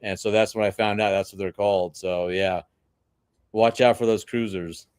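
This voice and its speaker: A man with a lowish voice, speaking over a video call with a dry sound and no room echo. He tells his story in an easygoing, laid-back manner during a casual podcast chat. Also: fairly even intonation, normal speed, darkish tone, clean tone.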